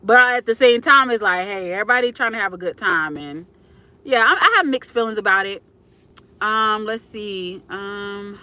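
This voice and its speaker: Bright-voiced young woman chatting live. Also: mid-range voice, moderate pace. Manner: candid, emotional, chatty with viewers. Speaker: livestream host. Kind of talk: casual livestream chat.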